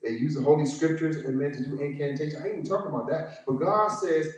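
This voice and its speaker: High-voiced preacher, echoing from afar. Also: male voice, fast. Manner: emphatic preaching with frequent "glory to God" interjections; acts out conversations in mocking voices. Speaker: pastor. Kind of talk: sermon. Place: church sanctuary. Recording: echoey church sound from a distance.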